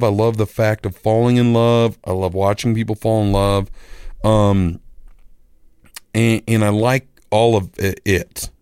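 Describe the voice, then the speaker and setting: Rambling, animated middle-aged man telling a story. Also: fairly low pitch, dry recording, clean studio sound. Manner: rambling, animated, acts out quoted voices. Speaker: radio personality and musician. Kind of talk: casual storytelling monologue.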